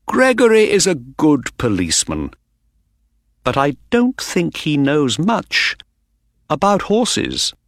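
A man voicing a confident, sharp-minded detective in an audiobook, speaking in a calm, assured way. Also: a little high, slow, dry recording, studio quality, voice pushed up, exaggerated voice. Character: sharp, confident male detective, middle-aged. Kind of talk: audiobook character reading.

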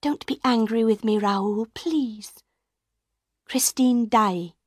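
A woman reading the part of a gentle young woman writing to the man she loves. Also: on the high side, slow, breathy edge, no echo, studio quality. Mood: tender. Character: tender young woman writing to her sweetheart.

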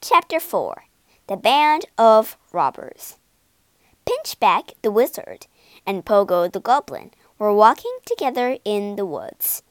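A woman reading a children's storybook aloud with lively, expressive storytelling. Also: medium pitch, no echo. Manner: slow, lively storytelling with big character voices. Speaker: storybook reader.

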